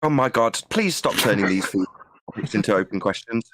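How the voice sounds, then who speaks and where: A man's voice: fairly low pitch, expressive, fairly quick, fairly bright tone, no room sound. A man chatting on a live stream with dry, sarcastic humor. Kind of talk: casual live-stream chat.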